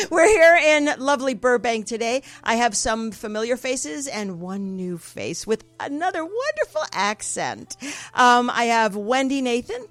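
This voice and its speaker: A woman hosting a talk podcast, her voice a touch gravelly and pitched a little high. She chats loosely, laughing often and teasing herself as she goes. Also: fairly bright tone. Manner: chatty, laughing, self-deprecating. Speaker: podcast host. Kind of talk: casual chat.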